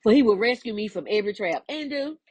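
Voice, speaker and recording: Woman, inspirational faith talk, playful, folksy, very expressive pitch. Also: quick pace, breathy edge, dry recording, muffled recording. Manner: animated and playful, laughs often, folksy asides. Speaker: spiritual teacher.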